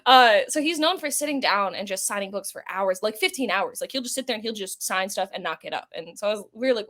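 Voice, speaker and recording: A woman's voice: fairly high pitch, animated, fast talker, fairly bright tone. A woman guest on a podcast, chatting casually and telling long rambling stories full of fillers. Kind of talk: casual interview chat.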